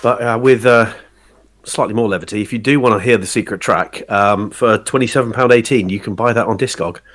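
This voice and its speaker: A man's voice: on the low side, a little fast, a bit bright. A man hosting a radio show, interviewing a guest with easygoing, dry humour. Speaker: radio host. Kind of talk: casual radio chat.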